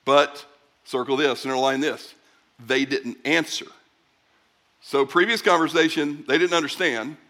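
A man's voice: fairly high pitch, a little slow. A middle-aged man preaching a sermon, talking casually to the congregation and acting out little exchanges in other voices. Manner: conversational, animated preaching with acted-out voices. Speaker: pastor.

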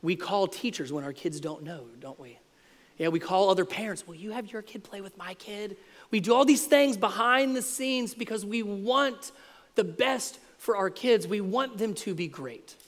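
A man in his thirties preaching a sermon, lively and playful, acting out the voices in the stories he tells. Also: high-pitched, normal speed, in a large hall. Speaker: pastor.

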